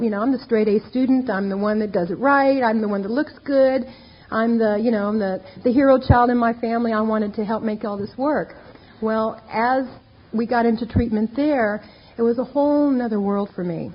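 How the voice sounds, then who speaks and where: A woman giving a candid, self-mocking personal testimony to an audience, acting out the dialogue. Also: fairly high pitch. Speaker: speaker sharing her recovery story. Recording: dull lo-fi tape recording.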